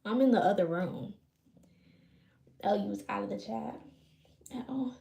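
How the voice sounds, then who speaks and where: In a roomy, echoing space, a woman livestreams while braiding her hair, chatting loosely with viewers. Her mid-range voice is warm and creaky, and she speaks a little slowly.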